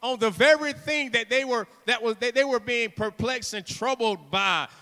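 A man's voice: very high-pitched, normal speed, bright, forceful tone. A man preaching a sermon to a congregation, impassioned and theatrical, acting out the story and urging the listeners on with repeated calls. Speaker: guest preacher. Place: church sanctuary. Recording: long reverb of a church hall.

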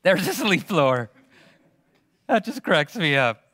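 A middle-aged man preaching a sermon as pastor, animated and teasing the congregation with questions. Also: on the high side, measured pace, dry recording, studio quality.

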